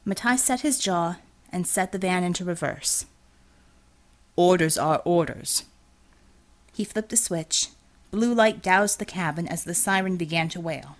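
A woman narrating an audiobook with a steady, expressive reading. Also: lowish voice, normal speed. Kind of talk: scripted narration.

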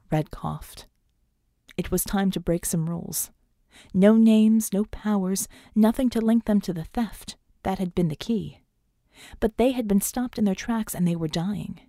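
A woman's voice: medium pitch, normal speed, mellow, no echo, studio quality. A woman narrating an audiobook in a tense, dramatic reading. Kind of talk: scripted narration.

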